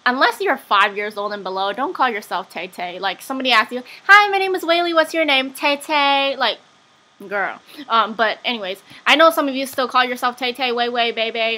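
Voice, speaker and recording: A young woman chats straight to camera in an offhand vlog, filling gaps with ums and little asides. Her voice is bright and a touch high. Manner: chatty, lots of fillers and asides. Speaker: vlogger. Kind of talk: casual chat.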